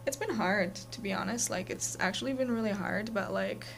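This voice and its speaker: A woman's voice: mid-range voice, moderate pace, gravelly, a bit bright, a little hiss or hum. A young woman chatting casually in a vlog, rambling with lots of fillers and restarts. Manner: rambling, many fillers and self-corrections. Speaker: vlogger.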